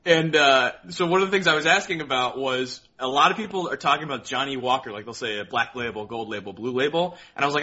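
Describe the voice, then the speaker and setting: Animated, bright-voiced man telling stories. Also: fast talker, few pauses. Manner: animated storyteller, laughs often, jumps high for quoted voices. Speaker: podcast co-host. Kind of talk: casual chat, storytelling. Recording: dull lo-fi audio.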